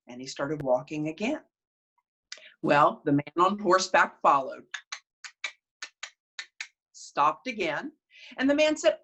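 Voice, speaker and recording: Woman, storyteller, expressive narration, lively pitch, bright voice. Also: slow, pauses often. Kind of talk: storytelling performance.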